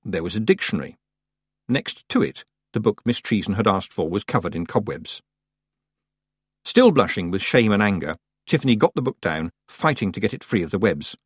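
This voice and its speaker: Male audiobook narrator, scripted storytelling, animated pitch, dry close sound. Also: moderate pace, slightly rough, no echo. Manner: expressive storytelling reading.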